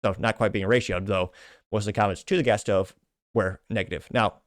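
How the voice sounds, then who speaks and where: A man's voice: on the low side, steady tone, a little fast, no room sound, clean studio sound. A man hosting a commentary podcast, reading social media replies aloud with sardonic asides and frequent self-corrections. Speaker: show host.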